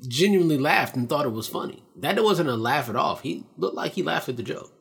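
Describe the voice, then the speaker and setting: A man's voice: fairly high pitch, lively intonation, fairly quick, vocal fry, a bit bright, husky. A man co-hosting a casual podcast chat, arguing his point in an emphatic, profane way. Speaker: podcast co-host.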